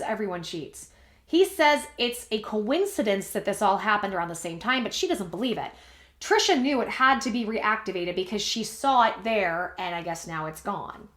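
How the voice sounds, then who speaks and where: Bright-voiced woman recapping gossip in an echoey room. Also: on the high side. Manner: chatty, wry asides, fillers. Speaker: commentary channel host. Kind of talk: gossip commentary, reading and reacting.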